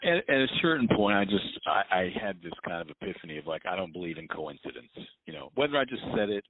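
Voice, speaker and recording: Low-voiced man musing, phone-thin sound. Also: big pitch swings, fast, breathy edge. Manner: reflective, filler-heavy with repeated "you know". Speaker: host. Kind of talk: casual conversation. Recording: dry, phone-like narrow sound.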